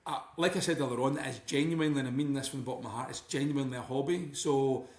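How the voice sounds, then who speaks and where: A man's voice: medium pitch, steady tone, quick pace, a little mellow. A Scottish man talking casually as a podcast guest, rambling and often restarting his sentences. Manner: rambling, many restarts and "you know". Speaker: guest author and teacher. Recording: roomy echo.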